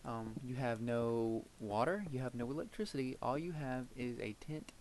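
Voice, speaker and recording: Chatting over his own gameplay, a man rambles through one story after another, laughing and using fillers constantly. He's a gameplay video creator with a mid-range, slightly mellow voice at a normal pace, with slight background noise.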